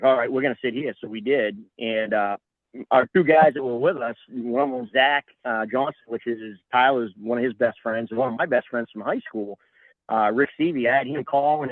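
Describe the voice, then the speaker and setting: A man's voice: mid-range voice, no echo. Middle-aged guy on a podcast, tells it like a story, does everyone's voices, tinny phone sound. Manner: animated, acts out quoted voices. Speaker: guest. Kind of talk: casual storytelling. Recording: tinny phone-like line, dry.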